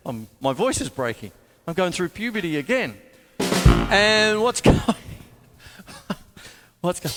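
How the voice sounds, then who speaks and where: A man's voice: high-pitched, very animated, slow pace, long pauses, fairly bright tone. A man with an Australian accent hosting a drum show, rambling and self-mocking, full of fillers and restarts. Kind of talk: casual talk about drumming. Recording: long reverb over drum music.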